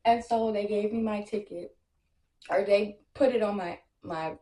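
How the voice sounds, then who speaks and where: A woman's voice: medium pitch, measured pace. Young woman spilling the tea, brash and cussing, acts out everybody's lines, kinda echoey room. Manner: animated, brash, lots of slang and profanity; acts out other people's lines in quotes. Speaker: storytime vlogger. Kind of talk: casual storytime.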